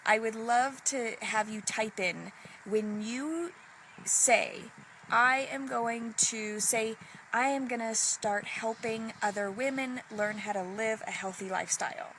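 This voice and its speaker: Slow, earnest woman life coach. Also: fairly high pitch, fairly bright tone, slight background noise, rough recording. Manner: earnest and encouraging, slow and reflective. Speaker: life coach hosting a live video session. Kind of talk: casual motivational live-stream talk.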